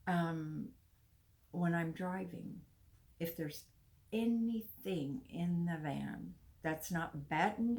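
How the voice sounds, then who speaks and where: A woman's voice: lowish voice, gravelly, darkish tone. A chatty older woman, talking casually to her viewers and laughing now and then. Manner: chatty, confiding, laughs often. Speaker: vlogger. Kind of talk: casual talk to camera.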